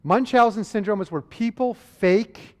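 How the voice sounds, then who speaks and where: A man giving a conversational, animated medical lecture, acting out exchanges with patients. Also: high voice, measured pace, long reverb tail.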